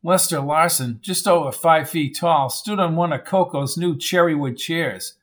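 A man narrating a crime novel in a steady, measured reading. His voice sits a little high for a man. He keeps an even, storytelling pace through the scenes. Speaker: audiobook narrator. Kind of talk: scripted narration.

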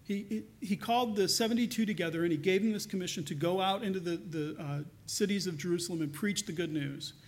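A man preaching a sermon, earnest, swinging between loud emphasis and soft, hushed lines. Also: high-pitched, fast, hardly any pauses. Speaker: pastor.

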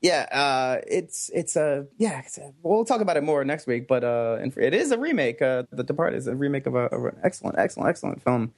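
A man co-hosting a podcast, excitable and stumbling, laughing often. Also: medium pitch, a little fast, few pauses. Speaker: podcast co-host. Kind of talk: casual chat.

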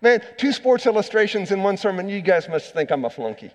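A middle-aged man preaching an earnest sermon as pastor, swinging from loud emphasis to hushed asides. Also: high-pitched, very animated, brisk. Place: church sanctuary. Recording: long church reverb.

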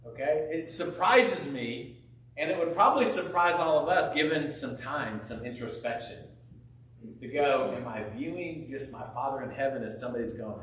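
A man preaching a sermon, telling a parable with lively acted-out voices of the characters. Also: mid-range voice, normal speed, very echoey, distant mic, slight background noise, low-quality recording. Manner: animated storytelling, acting out biblical characters' voices. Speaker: pastor.

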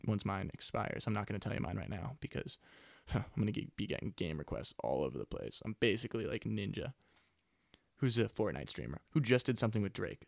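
A man's voice: on the low side, vocal fry, no echo. A man in his twenties rambling through a casual, profane podcast monologue on a close mic. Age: 20s. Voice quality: profane, laid-back and chatty. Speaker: podcast host. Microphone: close studio mic.

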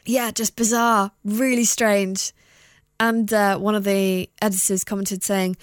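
A young woman hosting her own podcast in casual chat, blunt, sweary and quick to laugh. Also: mid-range voice, steady tone, dry recording, clean studio sound. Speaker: podcast and radio host. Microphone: studio microphone.

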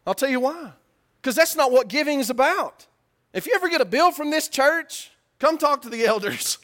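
A man with a high voice preaching a sermon. He talks to the congregation conversationally and asks them questions. He shifts between loud emphatic bursts and low, quiet stretches. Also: lively intonation, moderate pace, long pauses.

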